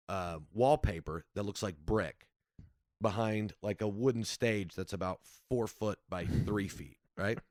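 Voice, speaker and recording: A comedian guest telling road stories in a casual, animated way, acting out other people's voices. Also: male voice, on the low side, no room sound, studio quality. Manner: animated, acts out voices in his anecdotes. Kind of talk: casual storytelling.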